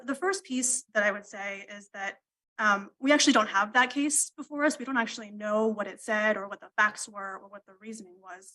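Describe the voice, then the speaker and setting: A woman arguing an appeal before a panel of judges, measured and deferential in tone. Her voice sits a little high, and she fills pauses with ums. The sound comes from a courtroom livestream. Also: fairly bright tone, poor audio. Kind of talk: formal legal argument.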